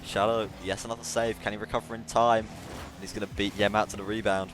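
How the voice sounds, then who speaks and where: A man with an Irish accent giving play-by-play esports commentary, lifting to excited calls at big plays. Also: lowish voice, fairly quick. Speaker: esports caster. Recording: noisy background.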